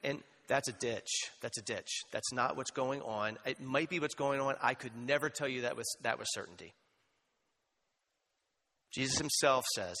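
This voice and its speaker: A man preaching a sermon as pastor, conversational and animated, with asides and humor. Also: lowish voice. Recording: long hall reverb.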